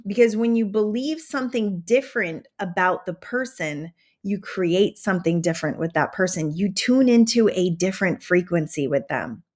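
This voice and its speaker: A woman hosting a podcast, giving a casual motivational talk with animated enthusiasm and a slight Southern American twang. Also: mid-range voice, normal speed. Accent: drifting into a Southern American twang. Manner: animated, enthusiastic, conversational with many fillers. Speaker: podcast host and manifestation coach.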